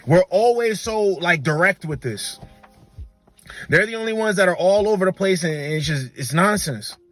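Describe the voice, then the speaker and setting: A man's voice: high-pitched, animated, moderate pace, fairly bright tone, faint music behind. A man giving blunt, slangy reaction commentary, repeating words for emphasis. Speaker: dating commentator.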